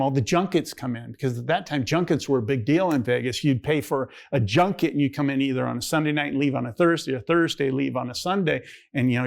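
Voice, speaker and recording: Gravelly-voiced older male pastor telling stories. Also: medium pitch. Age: 60s. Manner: rambling, conversational, acts out quoted dialogue in a raised voice. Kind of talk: personal testimony storytelling. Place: church.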